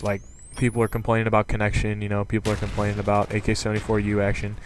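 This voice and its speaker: A man's voice: fairly low pitch, quick pace, hardly any pauses, slight background noise. Rambling young man over gunfire. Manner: rambling, excitable, full of fillers. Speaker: gaming commentator. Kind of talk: casual gameplay commentary. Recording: game sound and gunfire behind. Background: gunfire from gameplay.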